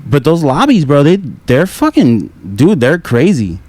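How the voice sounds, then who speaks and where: A man's voice: a little high, very animated, a little slow, a little mellow, no echo. A man in his thirties in a casual podcast chat, rambling and swearing freely. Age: 30s. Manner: profane, rambling, laid-back. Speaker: podcast host.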